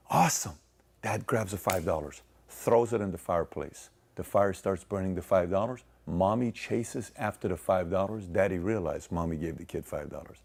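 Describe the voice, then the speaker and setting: A man giving a motivational speech, telling a story and acting out its dialogue, swinging from loud to soft. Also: low voice, a little fast, gravelly, slight background noise. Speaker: speaker in a played clip.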